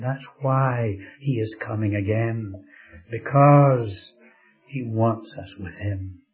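Older man preaching a sermon, dull recording. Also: on the low side. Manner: slow, dramatic storytelling with soft drops to a hush.

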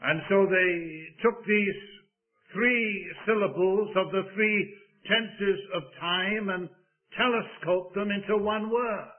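A man delivers a sermon in a slow, deliberate cadence, his lines lifting into a sing-song before sinking to a hush. His voice sits a touch high for a man. The recording is thin and tinny, like an old tape heard over a phone line. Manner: slow, deliberate preaching with sing-song rises and hushed drops. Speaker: preacher.

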